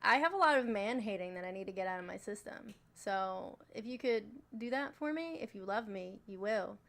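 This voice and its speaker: A woman's voice: medium pitch, lively intonation, normal speed, gravelly, fairly bright tone. A woman moderating a live stream in casual chat, joking, bossy and swearing freely as she urges viewers on.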